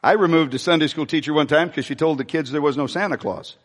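A pastor preaching a sermon, animated and repeating his phrases, asking the congregation questions as he goes. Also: fairly high pitch, fast talker. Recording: reverberant church hall.

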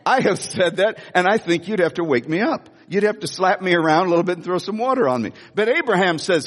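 A man's voice: high voice, lively intonation, fast talker, few pauses. A male pastor preaching a sermon, telling stories animatedly with emphatic repetition and frequent laughter. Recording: long reverb of a large hall.

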